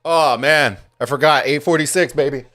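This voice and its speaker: A man casting a strategy game tournament on a live stream, excitable and chatty, swearing freely as he reads viewer messages. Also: a little high, normal speed, no echo, clean studio sound, soft background music. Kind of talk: casual live-stream commentary and chat reading.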